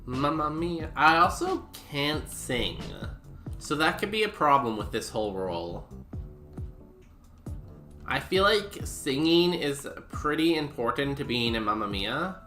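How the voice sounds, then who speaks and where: A man's voice: mid-range voice, sing-song, unhurried, pushed and bright. A man streaming a game, chatting casually with goofy, self-mocking humor. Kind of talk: casual gameplay commentary. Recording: roomy echo with music behind.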